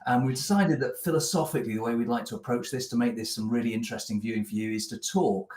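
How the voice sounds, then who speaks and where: Man co-host for a business chat show, relaxed and self-deprecating, recorded in a roomy office. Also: mid-range voice, fast. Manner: chatty, self-deprecating, many fillers. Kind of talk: casual live-stream chat.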